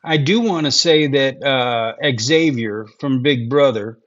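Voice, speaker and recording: A man's voice: mid-range voice, slow. Ranting man on a lo-fi podcast. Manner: profane, ranting, rambling with many fillers. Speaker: podcast co-host. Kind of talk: casual chat. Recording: dull lo-fi sound.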